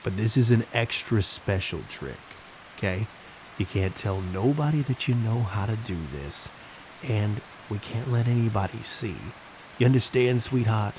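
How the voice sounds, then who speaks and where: A man's voice: fairly low pitch, a little slow, background noise, natural voice. A man voicing a creepy male party clown with a thick New York accent, coaxing and wheedling.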